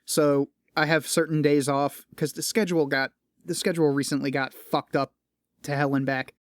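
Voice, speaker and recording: Male podcast host, casual monologue, curses freely, somewhat high voice, dry close recording. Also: little pitch movement, moderate pace, dry recording. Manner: rambling and profane, with frequent restarts; tired, complaining.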